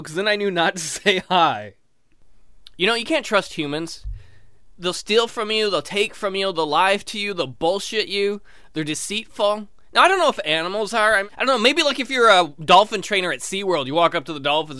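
A man doing a stand-up comedy routine in a sardonic, animated way, with swearing punchlines. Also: high voice, fairly quick, smooth, no room sound, studio quality.

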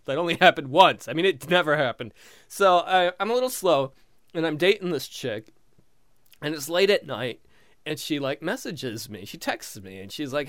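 A man's voice: on the high side, very animated, moderate pace, a bit bright, dry recording, clean studio sound. A young man doing improvised stand-up comedy alone, rambling and self-mocking, laughing at his own jokes. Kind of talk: improvised solo stand-up without audience.

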